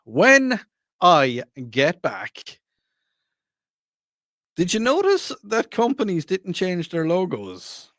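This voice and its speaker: A man's voice: high voice, slow pace, long pauses, no room sound, clean studio sound. A middle-aged Irish man hosting a casual radio talk show, rambling and restarting his sentences. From Ireland. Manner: rambling, animated, frequent restarts. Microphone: studio microphone.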